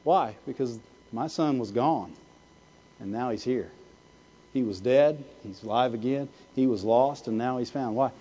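A man's voice: medium pitch, measured pace, warm tone, slightly rough, muffled recording. A man preaching a sermon, asking the congregation "Amen?" and "Why?" again and again. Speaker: pastor.

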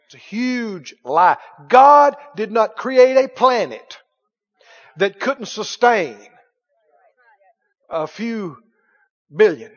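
A man preaching a sermon in a folksy way, dropping to hushed lines and rising to loud exclamations. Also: high voice, expressive, drawn-out words, pauses often. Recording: dull lo-fi sermon recording.

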